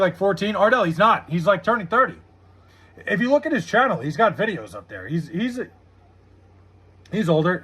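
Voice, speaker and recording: A man streaming live from home, talking casually to his chat. His voice sits high and sounds bright and a little husky. He swears freely and vents about the game. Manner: profane, frustrated, reads chat aloud. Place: home room with TV.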